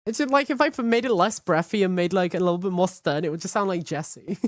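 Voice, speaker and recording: Cheeky woman streamer, low voice. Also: animated, a little fast, dry recording. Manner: hyperactive, cheeky, swears freely. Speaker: VTuber streamer. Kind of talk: casual live-stream chat. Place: home streaming setup.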